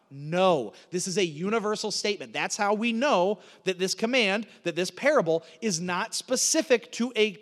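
A man's voice: high-pitched, fairly bright tone, big-room sound. A man preaching a sermon in a conversational way, asking rhetorical questions and answering them. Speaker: pastor.

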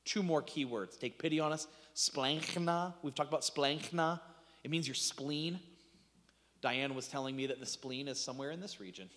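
A man preaching a sermon as pastor, stumbling over restarts and swinging between loud outbursts and hushed asides. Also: fairly high pitch, moderate pace, in a large hall. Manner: impassioned preaching with repeated restarts and dramatic drops to near-whispers.

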